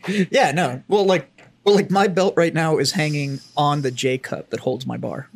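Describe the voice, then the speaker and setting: A man's voice: a little high, normal speed, creaky, a little hiss or hum. A man co-hosting a podcast in casual chat, swearing freely and trailing off mid-sentence. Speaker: podcast co-host.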